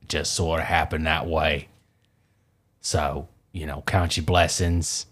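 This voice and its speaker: A man co-hosting a podcast in casual chat, tired and joking with deadpan banter. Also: a bass voice, slow pace, husky. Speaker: podcast co-host.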